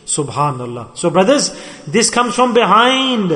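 A man's voice: sits high, fairly quick, fairly bright tone. A man preaching a sermon in a large mosque, emphatic and storytelling, with many rhetorical questions. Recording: echoey hall reverb.

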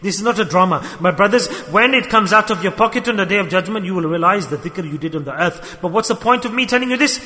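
A man's voice: high voice, animated, quick pace, few pauses, sharp tone. A man preaching a sermon at a gathering on a microphone, impassioned and full of rhetorical questions. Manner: impassioned, rhetorical questions, rises and falls sharply. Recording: reverberant hall.

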